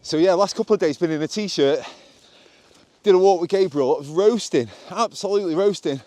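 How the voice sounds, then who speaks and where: Filming himself on a handheld camera during a country walk, a man delivers a rambling, chatty walk-and-talk vlog full of self-mockery. His voice sits high, warm in tone, and he speaks a little fast.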